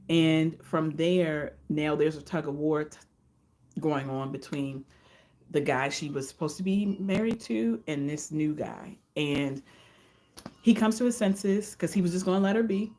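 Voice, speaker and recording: A woman reviewing romance novels in a casual vlog, retelling the plots in an animated way and slipping into the characters' quoted lines. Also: deep voice. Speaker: book reviewer.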